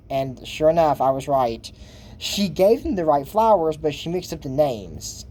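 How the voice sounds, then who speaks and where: A man's voice: on the high side, big pitch swings, measured pace, warm tone. A man chatting casually as he recaps a cartoon episode, rambling with lots of asides and fillers. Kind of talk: casual commentary.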